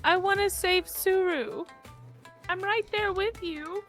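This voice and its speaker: A timid young female rabbit, played by a woman, whimpers pathetically. Her voice is high and bright, with faint music behind. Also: slow pace, exaggerated voice. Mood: weepy.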